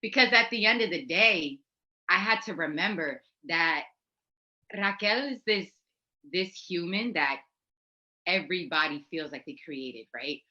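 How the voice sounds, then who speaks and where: A woman's voice: fairly low pitch, lively intonation, measured pace, sharp tone, lo-fi sound. A woman, an actress and musician, chatting casually as an interview guest, acting out quotes and laughing often.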